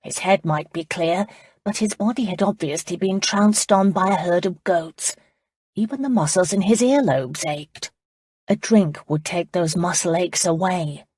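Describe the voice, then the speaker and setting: A woman narrating an audiobook in a measured, steady storytelling manner. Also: fairly low pitch, slightly rough, dry recording, studio quality. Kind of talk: scripted narration.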